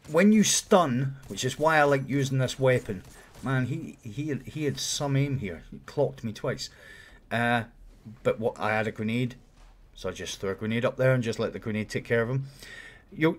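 A man talking viewers through a game run in a casual, explanatory commentary voice-over. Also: mid-range voice. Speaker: video game guide creator.

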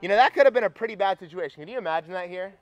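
A young adult man preaching a sermon at a campus retreat, energetic and rallying the crowd. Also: sits high, racing, no room sound, highs cut off.

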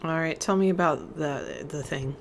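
A woman's voice: deep voice, normal speed, a little hiss or hum. A woman giving casual, chatty commentary while playing a video game, talking to the game characters. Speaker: let's play gamer.

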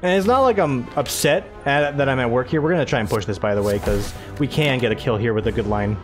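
A man's voice: mid-range voice, fast, over music. Rambling young American gamer guy. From United States. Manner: rambling, chatty, laughs often, jumps between game and his day. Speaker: gaming channel host. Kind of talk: casual let's-play chat.

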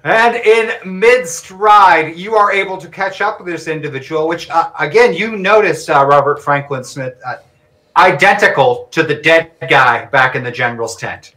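A man narrates a live tabletop game as game master, his voice bright and somewhat high for a man. He talks casually, thinks aloud over the dice and laughs often. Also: normal speed.

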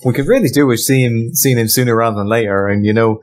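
A man at a tabletop game pleads in character, stumbling over his words. His pitch sits in an ordinary middle range. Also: fast talker. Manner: hesitant, stumbling. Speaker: player.

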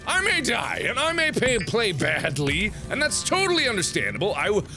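A man commentating his own gameplay, nervous and easily startled, with panicky exclamations and nervous laughs. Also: medium pitch. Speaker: let's play host. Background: game music.

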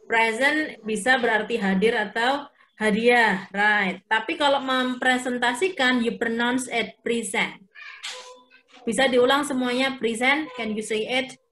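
A woman's voice: on the high side, normal speed, fairly bright tone, poor audio. A woman with an Indonesian accent teaching an English class over a video call, explaining rules and quizzing students. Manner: explains step by step, asks the class questions. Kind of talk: online class instruction mixing English and Indonesian.

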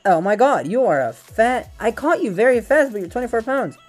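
A man hosting a VR fishing game video, excitable and joking, swearing often as he plays. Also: extremely high pitch, fairly quick, soft background music. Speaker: gaming channel host. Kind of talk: VR game commentary. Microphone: VR headset gameplay capture.

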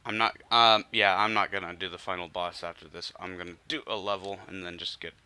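A man's voice: deep voice, flat delivery, a little fast, sharp tone, clear, resonant tone, no echo. A young man commentating his gameplay, frustrated and swearing, often muttering under his breath. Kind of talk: let's play commentary.

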